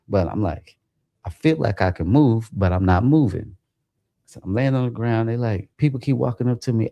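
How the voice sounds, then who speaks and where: Gravelly-voiced man telling a wild story. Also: a little fast, dry recording. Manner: animated, profane, jumps to high pitch when quoting himself. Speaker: livestream host. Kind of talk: casual storytelling about a dream.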